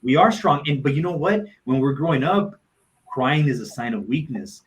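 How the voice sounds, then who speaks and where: A man's voice: medium pitch, lively intonation, normal speed, slight background noise, low-quality recording. Earnest man telling heartfelt stories. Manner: heartfelt, repeats phrases for emphasis. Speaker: motivational speaker and coach, guest. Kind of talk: earnest personal storytelling on a live talk show.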